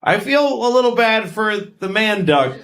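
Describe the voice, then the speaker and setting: A man doing a crude, deadpan, self-deprecating stand-up comedy set on stage. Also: sits high, a little slow. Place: comedy stage before a live audience. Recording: live stand-up with audience laughter.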